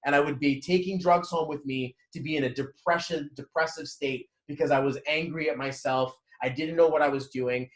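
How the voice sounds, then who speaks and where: A man's voice: fairly high pitch, echoey room. A man in his thirties giving a candid motivational talk about his past, swearing freely and acting out old conversations while walking. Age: 30s. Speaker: motivational vlogger. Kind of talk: personal motivational monologue.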